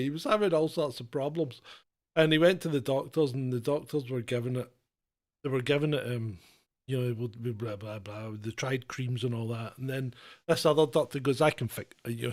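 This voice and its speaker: A man co-hosting a comedy podcast in casual chat, rambling through stories and often laughing mid-sentence. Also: medium pitch. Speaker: podcast co-host.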